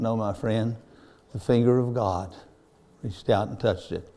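A man's voice: fairly low pitch, a little slow, warm tone. An older man, preaching a sermon in a folksy, earnest storytelling style.

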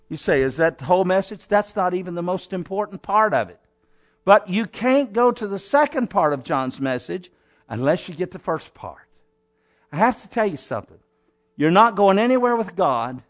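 A man with a notably high voice preaches a sermon. His delivery is emphatic, climbing into near-shouts and dropping to low, hushed lines, and he keeps asking the congregation rhetorical questions.

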